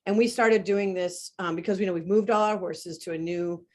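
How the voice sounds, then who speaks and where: Animated woman explaining horse behavior. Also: lowish voice, moderate pace. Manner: animated, demonstrates sounds. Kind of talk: explanatory webinar conversation.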